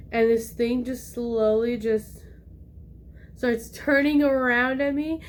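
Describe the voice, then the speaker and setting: Animated young woman telling a story. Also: high voice. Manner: animated, acts out quoted voices. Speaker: vlogger. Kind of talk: casual storytelling.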